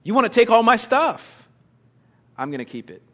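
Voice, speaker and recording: A man's voice: medium pitch, lively intonation, fairly quick, a bit bright, voice pushed down, natural voice. A man preaching a sermon acts out a stubborn rich young man who grudgingly dismisses an offer. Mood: dismissive.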